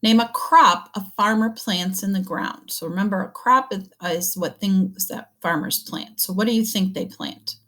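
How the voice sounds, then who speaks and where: A woman teaching young children to read, slowly sounding out words and praising them. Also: mid-range voice, fairly bright tone. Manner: slow, encouraging, sounding words out. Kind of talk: early reading lesson for young children.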